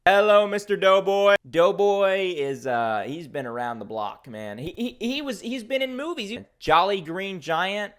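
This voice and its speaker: A man hosting a casual video, talking in an excitable, jokey way with frequent laughs and rambling asides. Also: high-pitched, unhurried, few pauses. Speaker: video host ranking food mascots. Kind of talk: casual commentary.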